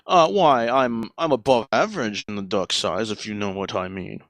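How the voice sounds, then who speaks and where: A man voicing a pompous, boastful wealthy male duck gentleman who talks in halting, self-important phrases. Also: on the low side, no room sound. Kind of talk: improvised comedy role-play.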